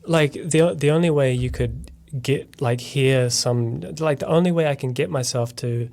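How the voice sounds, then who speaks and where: Gravelly-voiced chatty man from New Zealand. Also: mid-range voice, moderate pace, a little mellow. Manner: rambling, self-interrupting, chatty. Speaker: podcast host. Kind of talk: casual bilingual chat.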